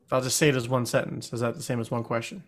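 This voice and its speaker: A man playing a tabletop game online, thinking aloud through a riddle with puzzled, animated talk. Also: mid-range voice, rapid-fire. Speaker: player.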